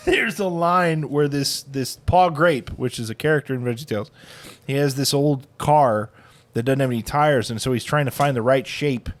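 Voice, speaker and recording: A man's voice: medium pitch, moderate pace. Laughing man telling family stories. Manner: sarcastic storyteller, laughs often. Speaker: podcast co-host. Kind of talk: casual chat.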